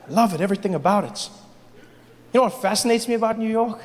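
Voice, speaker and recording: A man from Africa doing animated, self-deprecating stand-up storytelling on a stage mic in front of a live audience. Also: high voice, quick pace. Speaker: stand-up comedian. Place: large live venue with audience. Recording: echoey live venue with audience noise.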